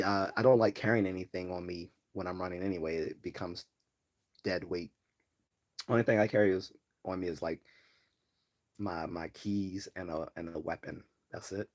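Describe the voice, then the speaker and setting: A Baltimore man, from the US East Coast, hosts a casual livestream chat, reading viewer comments aloud and rambling with many fillers and restarts. His voice is deep and a little mellow.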